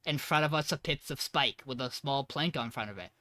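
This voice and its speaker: Man, podcast co-host, bright voice, dry close sound, casual storytelling, acts out quotes. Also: mid-range voice, brisk, dry recording. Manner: lively retelling, acting out quoted lines.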